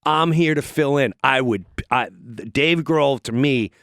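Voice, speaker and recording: A middle-aged man, a comedian guest, telling an animated story in a casual studio chat and acting out the voices of the people in it. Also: medium pitch, measured pace, no room sound. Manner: acts out voices in his stories, lively and excitable.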